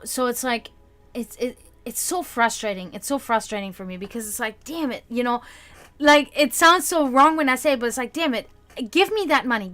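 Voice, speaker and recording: Young woman, livestream host, frustrated casual rant, lots of swearing, slightly high voice. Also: fairly bright tone.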